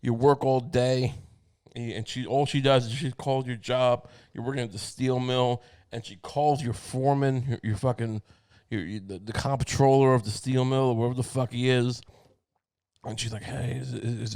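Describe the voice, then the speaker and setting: A man's voice: medium pitch, fairly even intonation, moderate pace, a little mellow, smooth. Male comedy podcaster riffing solo: profane, meandering, keeps restarting his sentences. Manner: profane, rambling, frequent restarts. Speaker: podcast host.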